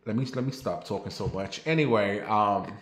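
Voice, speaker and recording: A man's voice: fairly low pitch, normal speed. Rambling New man, roomy echo. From New York. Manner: rambling, blunt and profane, talks straight to viewers. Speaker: vlogger. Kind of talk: casual storytelling monologue.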